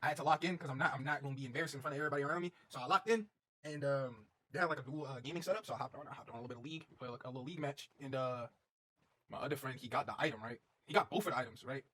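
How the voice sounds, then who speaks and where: A man's voice: medium pitch, very fast, sharp tone. A young man streaming, telling a rambling, profane story in a casual way and repeating himself as he goes.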